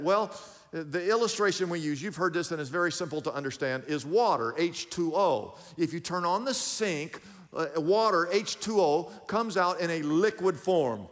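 A male pastor delivering an animated sermon with a slightly high voice. He calls out to the congregation and repeats his key points. The long reverb of a big hall trails after his words. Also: moderate pace. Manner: animated preaching with call-outs to the congregation.

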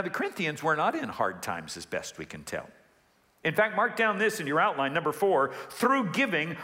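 A man preaching a sermon as pastor, telling jokes and stories with sudden excited rises. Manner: animated, jokey storytelling with sudden rises in pitch. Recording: long hall reverb.

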